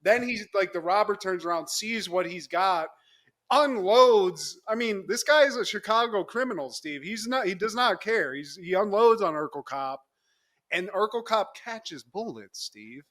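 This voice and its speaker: Man, podcast co-host, casual recap, high voice, acts out lines, laughs a lot. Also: measured pace. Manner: animated storyteller, acts out lines, laughs often. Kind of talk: casual chat recapping a TV episode.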